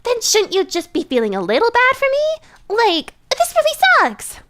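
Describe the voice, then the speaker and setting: A woman's voice: extremely high pitch, normal speed, slight background noise, exaggerated voice. A woman playing a frantic broke young vampire. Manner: frantic, whiny, excitable. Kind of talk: voice acting a game's dialogue on stream.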